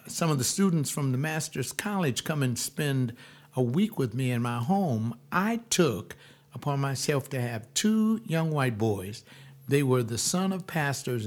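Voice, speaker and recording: An older man, a pastor, telling personal stories in a rambling, digressive monologue with frequent restarts. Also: medium pitch.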